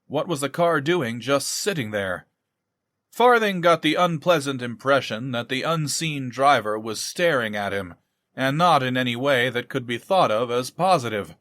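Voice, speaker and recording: A man's voice: mid-range voice, animated, normal speed, a bit bright, dry recording. Dry-voiced male audiobook narrator. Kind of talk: scripted narration.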